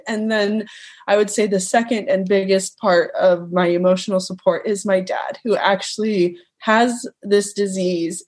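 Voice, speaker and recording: A woman's voice: medium pitch, a little mellow. A young woman in casual conversation, heartfelt and emotional, hesitating with many ums.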